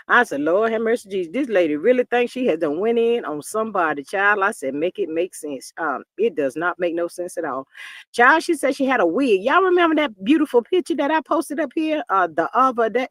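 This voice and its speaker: A woman chats through a gossip live stream, her fairly high voice rising and falling in animated swoops. She drawls and exclaims as she reads out viewers' comments, heard up close in a dry, unechoing sound. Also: no room sound.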